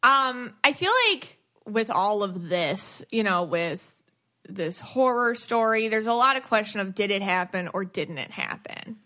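A woman hosting a podcast about auras, chatting casually and teasing her co-host with quick laughs. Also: medium pitch, pushed and bright. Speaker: podcast host, aura reader.

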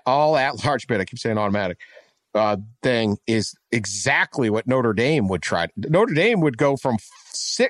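A West Virginia man co-hosting an informal sports podcast talks in a medium-pitched voice, recorded without echo. He's lively and rambling, frequently correcting himself along the way.

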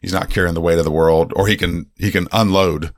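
A man co-hosting a casual movie podcast, rambling and halting as he thinks aloud. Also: deep voice, steady tone, no room sound, studio quality. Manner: rambling, halting with fillers and restarts. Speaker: podcast co-host. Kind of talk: casual movie review chat.

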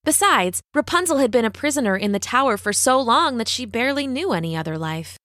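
A woman narrating a fairy tale in an expressive, measured storytelling manner. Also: mid-range voice, no room sound, studio quality. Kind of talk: storybook reading.

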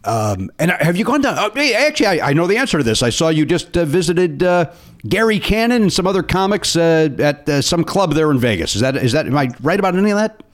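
A man's voice: fairly high pitch, big pitch swings, fast talker. A man hosting a casual interview, joking along and swearing casually. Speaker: podcast host.

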